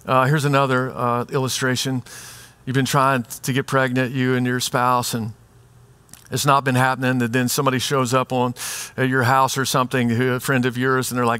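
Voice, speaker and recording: A male pastor preaching a sermon in a conversational, animated way, acting out everyday examples for the congregation. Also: mid-range voice, moderate pace, smooth, dry recording.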